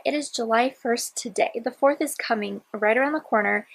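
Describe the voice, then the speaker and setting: A woman's voice: on the high side, normal speed, creaky, breathy edge, low-quality recording. A woman in her twenties talking casually in a personal diary vlog, rambling and candid, sometimes dropping to a whisper. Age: 20s. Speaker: vlogger.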